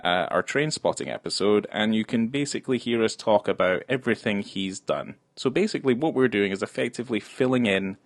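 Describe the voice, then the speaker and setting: Man, low-pitched, rambling, jokey, podcast co-host, dry sound. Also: lively intonation, fairly quick, hardly any pauses, no echo. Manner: rambling, jokey, lots of fillers and restarts. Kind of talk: casual film podcast chat.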